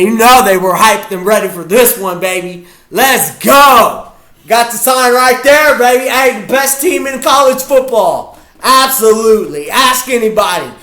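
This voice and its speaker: A man reacting to a football game as a fan, hyped and often shouting his cheers. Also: high voice. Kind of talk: live game reaction vlog.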